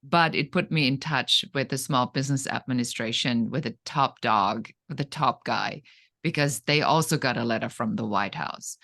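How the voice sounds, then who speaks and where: Animated storytelling businesswoman. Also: rumbling low, normal speed. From Germany. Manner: animated, dramatic storytelling with acted-out quotes. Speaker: guest, entrepreneur. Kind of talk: storytelling in an interview.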